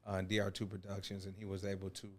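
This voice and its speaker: A man from Detroit with a low voice that stays fairly even. He tells his story in an earnest, conversational way as a guest on a talk show. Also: very fast. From Detroit, USA. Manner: earnest storytelling with frequent "you know". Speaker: guest, author and basketball coach. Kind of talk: casual interview talk.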